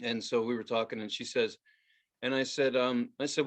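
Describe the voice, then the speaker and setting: A man's voice: medium pitch, moderate pace. A man co-hosting a casual podcast, telling a work story and acting out every quote with lots of laughter. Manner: animated storyteller, acts out quotes, laughs often. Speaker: podcast co-host.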